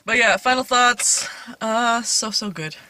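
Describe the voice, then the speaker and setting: A woman's voice: a little high, unhurried, bright, forceful tone, a little hiss or hum. A woman chatting playfully about a film in a dim movie theater, cracking jokes with her co-host. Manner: playful, jokey. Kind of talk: casual movie review chat.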